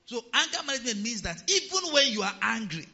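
A man's voice: very high-pitched, fast talker, big-room sound, muffled recording. A man preaching a sermon as pastor, humorous, acting out quotes in different voices. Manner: lively, humorous, acts out quotes.

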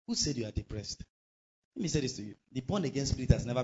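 A man's voice: medium pitch, big pitch swings, fast, dark tone, muffled recording. A male pastor, preaching a sermon emphatically and asking the congregation rhetorical questions.

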